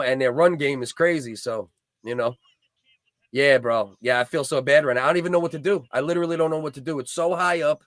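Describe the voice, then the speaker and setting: A New man in his thirties hosts a livestream chat, swearing freely and rambling through heated stories. His voice sits somewhat high, and the recording is dry and close with no room sound. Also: fairly bright tone, dry recording. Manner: profane, rambling, heated storytelling. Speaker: livestream host.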